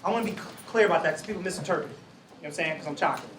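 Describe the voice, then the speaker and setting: A man giving an energetic, slangy talk to college students, acting out voices as he preaches. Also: on the high side, rapid-fire, heavy background noise. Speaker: speaker to students. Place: large room with audience. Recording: echoey room, voice from far off.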